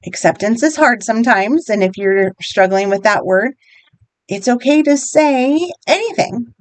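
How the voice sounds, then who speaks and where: Woman, wellness guide, gentle and encouraging, lively melodic voice, dry close sound. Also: on the high side, no room sound. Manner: gentle, encouraging, slow step-by-step guidance. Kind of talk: guided tapping instruction.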